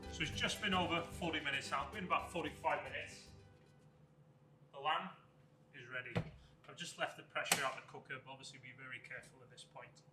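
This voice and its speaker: A man, a chef, talking through a cooking demonstration step by step in a relaxed way. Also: medium pitch, a little fast, echoey room, loud music behind the voice. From Wales.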